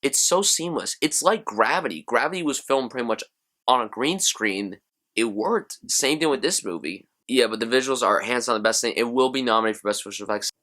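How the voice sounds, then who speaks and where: A man's voice: mid-range voice, lively intonation, brisk, sharp tone. A young man giving a casual, enthusiastic spoken film review, chatty and full of loose asides. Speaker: movie reviewer.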